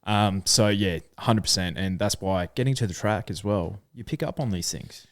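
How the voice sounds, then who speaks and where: A man's voice: on the low side, moderate pace, no room sound. A man with an Australian accent co-hosting a casual horse racing podcast, thinking aloud with plenty of fillers. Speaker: podcast co-host.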